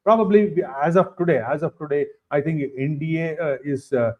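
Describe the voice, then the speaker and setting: A man with an Indian English accent answers interview questions over a video call. His voice sits a little high, and he pauses often, filling the gaps with "uh" and circling back to repeat phrases. The sound is dull and lo-fi. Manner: halting, many fillers and repeated phrases. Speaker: political guest. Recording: dull lo-fi stream audio.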